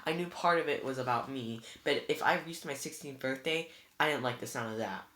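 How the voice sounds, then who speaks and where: A reader narrating a novel aloud in a plain, steady way. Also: medium pitch, brisk. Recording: roomy echo.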